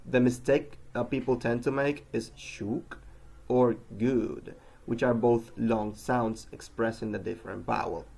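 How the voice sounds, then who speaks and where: A man's voice: medium pitch, vocal fry, a little mellow, husky. A man giving a pronunciation lesson, carefully enunciating example words one at a time. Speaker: pronunciation teacher.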